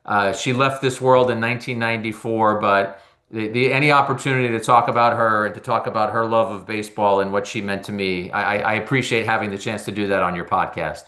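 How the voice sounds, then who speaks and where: A man from New Jersey, a baseball analyst and former reporter, telling stories in an interview with animated delivery and frequent repeated words. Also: fairly low pitch, a little fast. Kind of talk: conversational storytelling in an interview.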